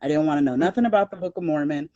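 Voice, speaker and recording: A woman's voice: low-pitched, racing, no echo, highs cut off. Rambling woman guest, dry close sound. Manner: rambling, with many fillers and restarts; animated when quoting herself. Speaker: podcast guest. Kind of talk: casual interview talk.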